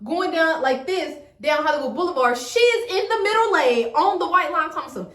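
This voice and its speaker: A woman tells a story straight to camera in a high, lively voice. She talks in casual slang and acts out every quote. The room around her sounds echoey. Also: moderate pace, very noisy. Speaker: storyteller vlogger.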